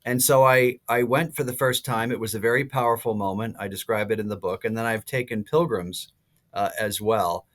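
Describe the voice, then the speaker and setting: A priest in his sixties, a podcast guest, telling stories in a lively way with many fillers and restarts. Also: fairly low pitch, moderate pace. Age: 60s. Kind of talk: casual podcast interview.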